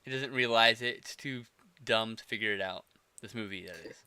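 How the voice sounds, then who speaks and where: Bright-voiced jokey man, movie podcast. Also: on the low side, moderate pace, clear, resonant tone. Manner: jokey, laughs often, trails off quietly. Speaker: podcast co-host. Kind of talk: casual movie review chat.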